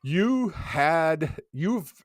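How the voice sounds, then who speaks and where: A man's voice: a little high, expressive, extremely slow, no room sound. A man hosting a podcast, steering the chat back to its segment. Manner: steers the talk back on track. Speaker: podcast host.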